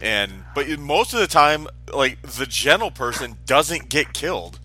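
A man's voice: medium pitch, big pitch swings, unhurried, sharp tone, breathy edge. A man co-hosting a casual chat about a TV show, easygoing and laughing often, stumbling and restarting as he talks.

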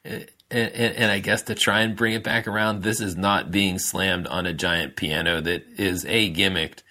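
A man's voice: low-pitched, fairly even intonation, normal speed, bright, forceful tone. A man in casual chat who laughs a lot and throws in dry jokey asides.

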